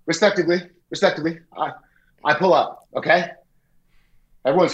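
A man's voice: high voice, animated, fast talker, rough recording. A man on a podcast, rambling through a heated, profane comedic rant and acting out what others said. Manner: rambling, profane, confrontational, acts out quotes. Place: indoor room with wallpaper and a lit mirror.

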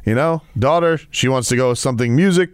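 A man's voice: fairly quick, smooth, dry recording, studio quality. A man hosting a sports talk radio show, chatting casually and joking with his co-host. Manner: animated, joking, jumps around in pitch.

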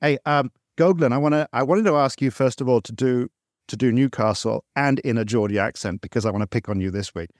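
A man's voice: medium pitch, a little fast, no room sound, studio quality. A man hosting a football talk show, teasing his pundits and moving the chat along with questions. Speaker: show host. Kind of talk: casual studio chat.

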